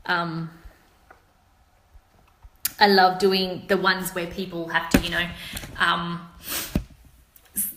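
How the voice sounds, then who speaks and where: A woman's voice: lowish voice, level tone, slow, pauses often, background noise. Chatty Australian woman in an echoey room. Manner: chatty, laughing, explaining slang to viewers. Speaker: author hosting a live stream. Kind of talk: casual live-stream chat.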